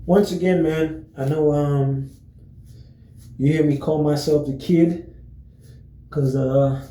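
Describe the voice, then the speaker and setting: A man talking casually to his viewers in a relaxed, rambling way, full of fillers and restarts. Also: medium pitch, echoey room, rough recording. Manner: relaxed, friendly greetings. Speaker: vlogger. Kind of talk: casual chat to camera.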